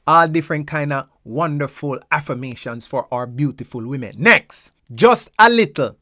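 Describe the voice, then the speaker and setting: A presenter with a Jamaican accent explains everyday local phrases casually and playfully, repeating words rhythmically to show how they sound. Her sing-song voice is on the low side and fairly bright, at normal speed, recorded studio-quality with no echo.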